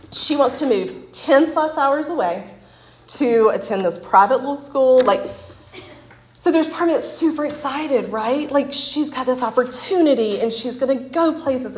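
A woman's voice: a little high, darkish tone, a little hiss or hum. A woman in her forties giving a casual, chatty Bible talk with stories, often laughing and asking "right?", recorded in an echoey room. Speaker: women's Bible study speaker.

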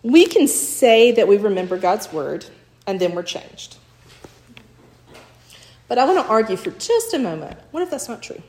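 Woman giving a sermon, kinda high voice, lots of "right?", echoey room. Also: big pitch swings, moderate pace, pauses often, darkish tone. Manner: storytelling with acted quotes and frequent "right?". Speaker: speaker teaching a church talk.

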